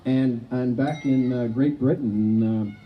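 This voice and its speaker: A man's voice: mid-range voice, slow pace, highs cut off, slight background noise. A man from Canada hosting a live show, telling a story with lots of fillers and then running the game with showman flair. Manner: rambling with many fillers, then showy and excited. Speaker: show host.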